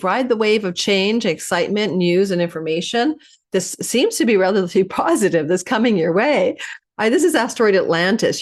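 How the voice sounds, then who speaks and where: A middle-aged woman astrologer giving a fast, animated weekly horoscope forecast, speaking directly to viewers by sign. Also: on the low side.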